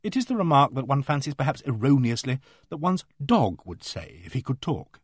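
An audiobook narrator reads a novel aloud in first person, delivering scripted narration with dry, wry storytelling. His medium-pitched voice is sing-song and brisk with a breathy edge, recorded close to the mic with no echo.

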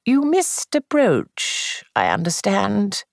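A woman reader voicing a mild, polite elderly lady speaking gently. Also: mid-range voice, wildly swooping pitch, takes it slowly, vocal fry, dry recording, studio quality, pitched above the performer's own voice, full character voice. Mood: gentle.

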